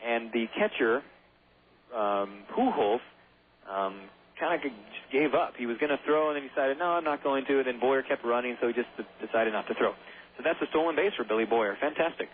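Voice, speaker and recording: A hoarse man calling baseball play-by-play on the radio, chatty and rambling, with self-deprecating asides. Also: mid-range voice, expressive, fairly quick, a little hiss or hum. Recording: tinny phone-like radio broadcast.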